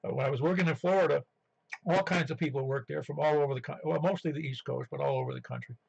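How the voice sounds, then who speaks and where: A man's voice: on the high side, quick pace, gravelly, slightly rough. A man from western New York chatting on a ham radio net, telling rambling stories full of restarts. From western New York, near Buffalo. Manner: rambling storyteller with many restarts. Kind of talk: casual radio chat. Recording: muffled radio audio.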